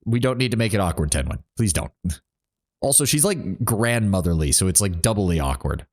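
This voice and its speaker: Low-voiced man streaming a game. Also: big pitch swings, brisk, darkish tone. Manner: chatty, reads game dialogue aloud. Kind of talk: casual game commentary.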